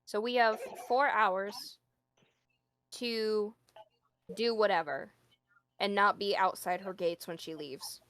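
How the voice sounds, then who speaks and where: A woman taking part in a tabletop game, planning things out in a practical, steady way. Her voice is recorded close and dry, with no room around it. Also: medium pitch, slow, long pauses, dry recording. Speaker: player. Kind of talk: playing a tabletop game online.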